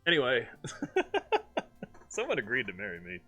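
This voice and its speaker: A young man with a bright, forceful voice chats loosely on a stream and laughs between stories. He tells his stories with animated, playful impressions of the people in them. Faint music plays behind him. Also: medium pitch, unhurried, breathy edge. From Maryland, USA. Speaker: streamer host. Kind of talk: casual chat.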